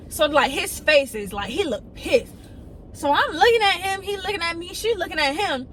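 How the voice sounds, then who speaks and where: A young woman casually tells a story, acting out the people in it and quoting them in excited high voices. She speaks at a moderate pace, and the audio is poor with slight background noise.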